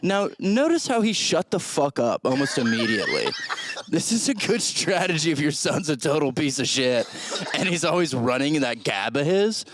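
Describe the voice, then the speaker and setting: A man's voice: on the high side, big pitch swings, moderate pace, noisy background. A man playing a giggly, crude presenter of a mock worm news segment in a comedy sketch. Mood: goofy.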